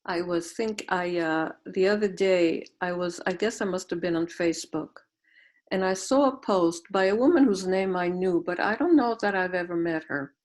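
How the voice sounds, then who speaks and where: A woman's voice: on the low side, normal speed, darkish tone. A middle-aged woman Zen teacher giving a dharma talk over a video call, reflective and storytelling, often posing questions to her listeners.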